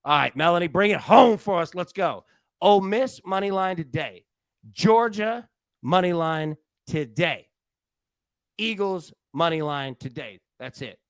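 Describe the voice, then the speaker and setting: A high-voiced man hosts a sports betting show with energetic, rambling banter. He jokes constantly as he runs through his picks. The sound is dry and close. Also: measured pace, clear, resonant tone, no room sound. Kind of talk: casual sports betting chat.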